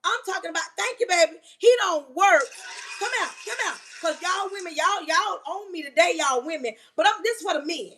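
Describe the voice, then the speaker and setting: Talking fairly quickly with few pauses, a woman in her 40s hosts a livestream as she handles kitchen chores. Her high, bright voice delivers emphatic, sermon-like advice in a warm, casual chat, and she keeps addressing viewers as "baby."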